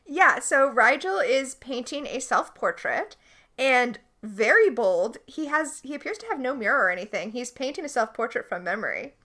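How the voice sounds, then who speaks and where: A woman's voice: sits high, very animated, normal speed, pushed and bright. A woman co-hosting a podcast, animatedly and enthusiastically recapping a TV episode in casual chat. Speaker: podcast co-host.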